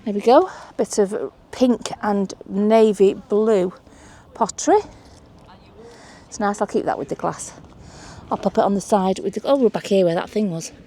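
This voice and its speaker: A woman's voice: medium pitch, normal speed, dark tone. A woman on a beach chatting casually and exclaiming over her finds as she searches the shore. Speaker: mudlarking vlogger. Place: outdoors on a beach.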